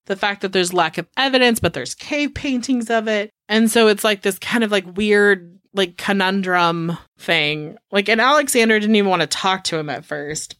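A woman's voice: medium pitch, a bit bright, dry recording, studio quality. Woman casually swearing through a film recap. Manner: loose, profane retelling full of "like". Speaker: podcast co-host.

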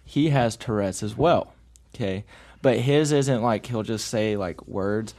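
A man's voice: lowish voice, unhurried, a little mellow. A young man in his college years co-hosting a podcast, telling a story in a laid-back, rambling way. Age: young adult. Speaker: podcast co-host. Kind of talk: casual storytelling chat.

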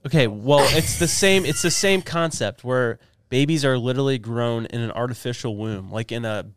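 A man co-hosting a podcast, eagerly explaining a topic in casual chat with quick asides. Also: medium pitch, smooth, no echo, clean studio sound. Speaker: podcast co-host.

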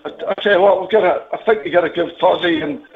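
A man's voice: high-pitched, fast, gravelly. A man with a New Zealand accent calling in to a radio show, talking bluntly and emotionally, rambling and swearing casually. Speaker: radio caller. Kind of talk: casual phone-in chat. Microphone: telephone. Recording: tinny phone line.

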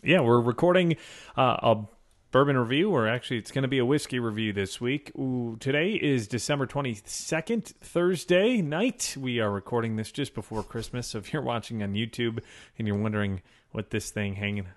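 This male co-host speaks at a moderate pace in a medium-pitched voice, trading jokes and meandering talk with his podcast partner over a desk microphone. He laughs a lot.

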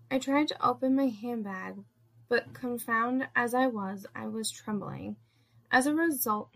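Gravelly woman reading an erotic story. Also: a little high, fairly bright tone. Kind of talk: first-person erotic story narration.

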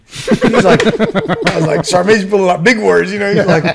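Fast-talking profane storyteller man. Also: high voice, animated, vocal fry, crowd noise. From United States. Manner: profane, laughing, slangy with dude and bro. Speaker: guest, retired Army warrant officer. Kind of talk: casual storytelling.

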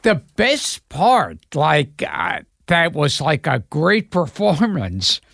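Slow, gravelly podcast co-host man. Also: a little high, sing-song, a bit bright, no echo, clean studio sound. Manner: amused, halting. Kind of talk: casual chat.

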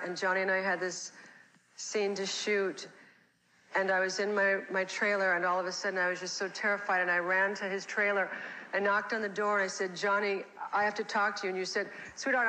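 A woman's voice: mid-range voice, pushed and bright, slight background noise, poor audio. A woman giving a candid, self-deprecating tribute speech at an award show and telling a nervous story.

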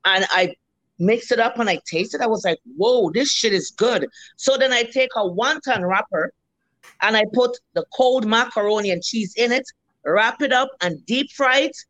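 A middle-aged Jamaican woman, a food vendor, chatting in an interview as a lively storyteller who swears freely. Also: fairly high pitch, moderate pace, no room sound, low-quality recording. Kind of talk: casual interview chat.

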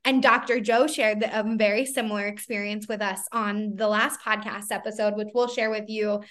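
A woman's voice: mid-range voice, steady tone, moderate pace, fairly bright tone. A woman hosting a podcast who talks in a reflective, casual way, laughing easily and often saying "you know". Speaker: podcast host.

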